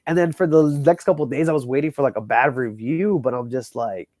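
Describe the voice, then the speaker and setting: A man working as a wedding DJ tells a story in casual chat. He talks in an animated, profane way and says "bro" and "like" constantly. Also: medium pitch, brisk, dry recording. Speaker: wedding DJ guest.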